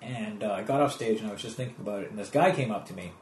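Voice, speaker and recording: A man's voice: lowish voice, racing, reverberant, slight background noise. Canadian man telling comedy stories. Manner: animated storytelling with restarts and quoted asides. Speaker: comedian guest. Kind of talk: casual conversation.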